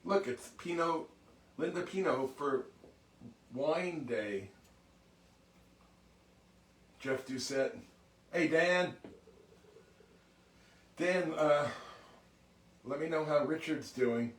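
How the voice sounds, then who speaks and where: A man's voice: fairly high pitch, lively intonation, takes it slowly, pauses often, a bit bright, recorded from a distance. A man hosting a music livestream, chatting casually and greeting viewers one by one by name. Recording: roomy sound from off mic.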